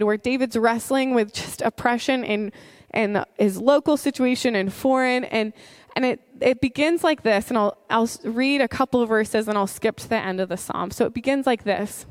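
A woman preaching a sermon, earnest, reading scripture slowly and with emphasis. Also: fairly high pitch, no room sound, clean studio sound. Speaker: pastor.

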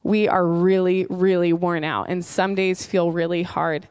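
A woman in her thirties preaching a sermon in an earnest, conversational storytelling manner, with heartfelt warmth. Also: on the low side, flat delivery, a little slow, clear, resonant tone, no echo, studio quality. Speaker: pastor.

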